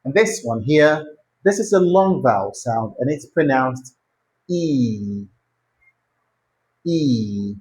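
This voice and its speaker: A pronunciation teacher leading a lesson, modelling words slowly and repeating them for the learner to copy, with short encouraging prompts. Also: mid-range voice, sing-song, a little mellow, low-quality recording. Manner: slow, drawn-out model words repeated for practice.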